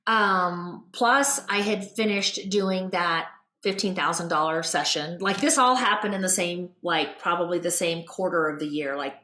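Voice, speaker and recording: A woman hosting a show, telling a personal story in a casual, animated, rambling way with many fillers. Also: lowish voice. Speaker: host. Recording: roomy echo.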